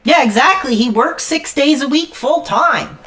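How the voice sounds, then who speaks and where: A woman's voice: sits high, expressive, a little slow, fairly bright tone. Furious stammering woman streamer ranting. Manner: furious, profane, stammering rant; repeats "frickin'" constantly. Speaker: live streamer. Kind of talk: angry live-stream rant while gaming.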